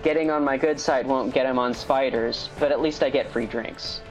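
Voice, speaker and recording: A man's voice: mid-range voice, steady tone, moderate pace, faint music behind, close to an everyday voice, low-quality recording. A man voicing a wry, grumbling young male wanderer in a story read aloud on a podcast. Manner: dry and grumbling.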